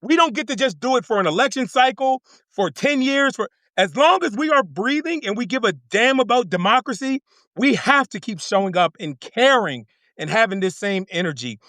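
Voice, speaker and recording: Fired-up man, high bright voice. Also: sing-song, moderate pace, dry recording. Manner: passionate, repeats himself, swears. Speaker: congressional candidate guest. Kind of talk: fired-up casual talk.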